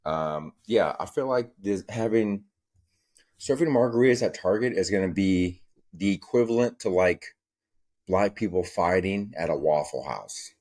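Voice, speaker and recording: A young adult man hosting a solo comedy podcast, talking loosely and profanely and acting out scenes in squeaky voices. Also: unhurried, darkish tone. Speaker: podcast host.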